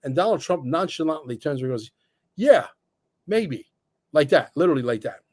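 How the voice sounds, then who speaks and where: A man co-hosting a livestream, talking bluntly and emphatically, cursing and filling pauses with "uh". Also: fairly high pitch, darkish tone. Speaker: livestream co-host. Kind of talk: opinionated livestream talk.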